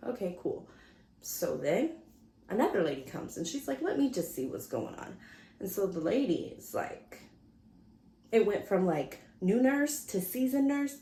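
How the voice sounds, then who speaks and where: A woman's voice: medium pitch, unhurried, a little hiss or hum. A woman vlogger chatting casually to the camera, telling a story and acting out what people said. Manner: animated, chatty, acts out quotes. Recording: echoey room.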